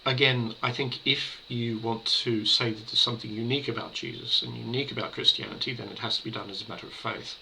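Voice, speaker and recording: A man giving a casual spoken book review, measured and hesitant, pausing on fillers and restarting his sentences. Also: mid-range voice, fairly even intonation, gravelly, pushed and bright, a little hiss or hum, low-quality recording.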